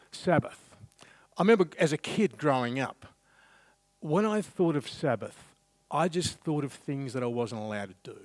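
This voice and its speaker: A man's voice: a little high, no room sound. Chatty man preaching. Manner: chatty, self-deprecating storyteller. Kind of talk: sermon with humorous anecdote. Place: church.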